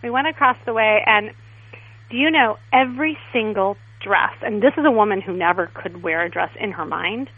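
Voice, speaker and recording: A woman guest stylist in a casual interview, telling stories in a chatty, animated way. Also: medium pitch, normal speed, no room sound. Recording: tinny phone line.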